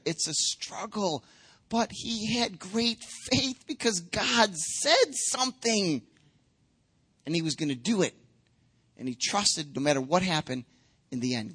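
A man preaching a sermon with a high, bright voice. He talks to the congregation in an emphatic, conversational way and acts out quotes as he goes. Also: slightly rough. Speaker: pastor.

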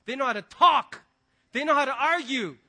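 A middle-aged man, a pastor, preaching a sermon and telling stories with animated quoted voices. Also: very high-pitched, moderate pace.

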